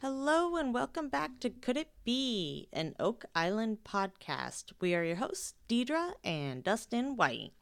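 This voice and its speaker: Woman, podcast co-host, casual chat, tired, laughs a lot, smooth voice. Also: a little high, sing-song, a little slow, few pauses. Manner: laughs often, self-mocking. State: tired after a fall. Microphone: headphones, one ear on.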